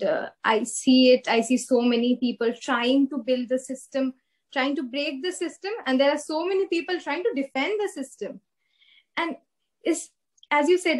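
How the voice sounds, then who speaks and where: A young woman with an Indian English accent, interviewing a guest and thanking her in a slightly halting way. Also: sits high, poor audio. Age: young adult. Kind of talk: interview talk.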